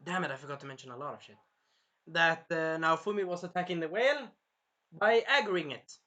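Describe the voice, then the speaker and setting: A man's voice: fairly high pitch, brisk, bright, forceful tone. A man reviewing an anime episode in a casual, rambling recap full of fillers, sounding a bit tired. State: tired, clearing his throat.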